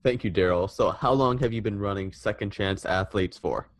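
A man's voice: fairly low pitch, moderate pace, dry recording. A man hosting a podcast, asking brief, friendly interview questions. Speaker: podcast host. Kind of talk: casual interview.

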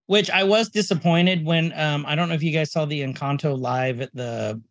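A man's voice: a little high, moderate pace, no room sound. A man hosting a casual podcast chat, talking in a chatty, laughing way. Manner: chatty, laughing, lively storytelling. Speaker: podcast host.

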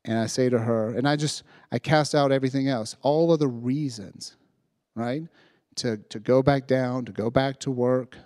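A man's voice: medium pitch, steady tone, normal speed, a little mellow, dry recording, clean studio sound. A man giving a sermon testimony, telling a story and building to fervent preaching. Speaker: youth speaker.

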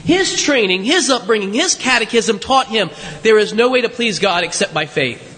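A pastor with a high-pitched, sharp, animated voice preaches at normal speed in a church sanctuary. His sermon is conversational, packed with rhetorical questions and asides to the congregation, and the large hall gives a long reverb.

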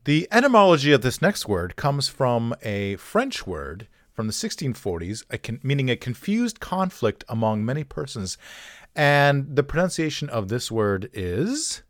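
Wry man with a lively, bouncing voice. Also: mid-range voice, measured pace, dry recording, clean studio sound. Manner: wry, offhand asides and self-mockery. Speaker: host of a pronunciation channel. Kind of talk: casual talk-through with jokes.

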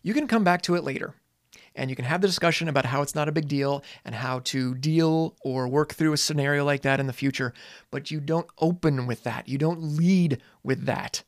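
Earnest, slightly high-voiced man. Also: no echo, clean studio sound. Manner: earnest, conversational, swears casually, dramatic pauses. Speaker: teacher and parent. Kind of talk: reflective monologue.

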